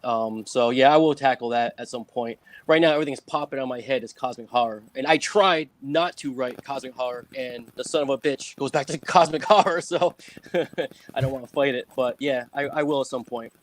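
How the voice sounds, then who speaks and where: A man's voice: mid-range voice, fairly quick. A man with a New England accent, a guest author in a casual video-call interview, rambling with many fillers and chuckles.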